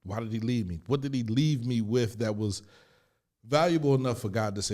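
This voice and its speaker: A middle-aged man from Chester, Pennsylvania shares his life story frankly as a guest, lively, emphatic and loaded with street slang, in a mid-range voice at a fairly quick clip.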